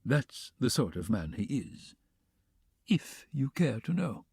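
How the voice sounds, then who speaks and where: A stiff, self-important middle-aged gentleman, read by a man, lays out his words with formal precision in an audiobook. The voice sits at a middling pitch, recorded dry and close. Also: very animated, takes it slowly, gravelly, husky, no room sound, exaggerated voice. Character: stiff pompous middle-aged male suitor.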